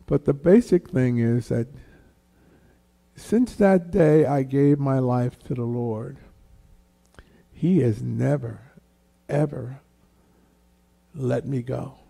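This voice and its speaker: A man sharing a personal testimony at a church question-and-answer session, unhurried and storytelling. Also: gravelly, mellow. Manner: slow, unhurried storytelling that raises the pitch for quoted voices. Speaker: guest speaker at a church Q&A.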